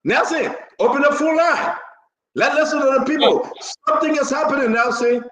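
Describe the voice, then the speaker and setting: A man hosting a live political talk show, rambling and repetitive, now and then bursting into shouts. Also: extremely high pitch, normal speed, reverberant, poor audio.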